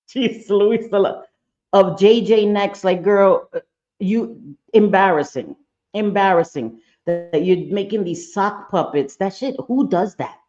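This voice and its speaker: A woman's voice: mid-range voice, a little slow, a little mellow, lo-fi sound, soft background music. Blunt, foul-mouthed woman streaming live. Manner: blunt, profane, talks straight to chat. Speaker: livestream commentator. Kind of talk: casual livestream reaction chat.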